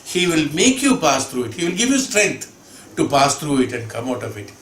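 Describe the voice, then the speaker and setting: A man's voice: a little high, big pitch swings, moderate pace, fairly bright tone. A man teaching a scripture discourse, emphatic, repeating phrases and asking rhetorical questions. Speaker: spiritual teacher. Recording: echoey room with background hum.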